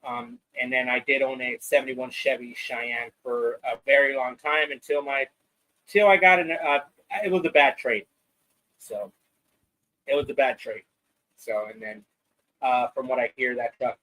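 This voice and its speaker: A man's voice: medium pitch, steady tone, measured pace, bright, forceful tone, rough recording. A man hosting a live podcast, talking in a loose, rambling, profane way. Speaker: podcast host. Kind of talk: casual live-stream chat.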